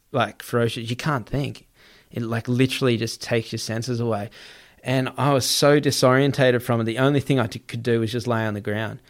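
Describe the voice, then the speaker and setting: A man telling a wild story in casual chat, swearing often and running his sentences together. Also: mid-range voice. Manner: swears freely, quick run-on telling. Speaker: guest.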